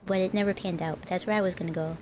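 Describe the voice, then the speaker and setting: A woman's voice: on the low side, fairly even intonation, rapid-fire, a little mellow, slight background noise. A woman streamer in casual live-stream chat, rambling and talking to her viewers. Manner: rambling, chatty, talks to chat.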